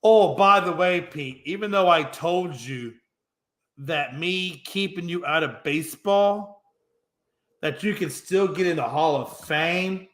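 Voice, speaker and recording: A man's voice: a little high, slow pace, fairly bright tone, echoey room. A man hosting a sports talk show, ranting with heavy swearing and mocking impressions. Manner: profane, mocking, acts out quotes in exaggerated voices. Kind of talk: heated sports talk rant.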